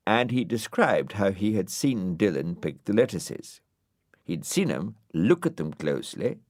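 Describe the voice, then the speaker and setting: A man narrating a children's storybook audiobook in a measured, dryly understated way. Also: on the low side, sing-song, darkish tone, no echo, studio quality.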